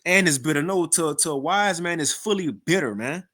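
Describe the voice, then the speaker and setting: Animated, mocking man with a higher voice. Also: normal speed. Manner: animated and mocking, with repeated words and restarts. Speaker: scripture teacher reacting to another video. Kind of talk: informal scripture commentary with readings.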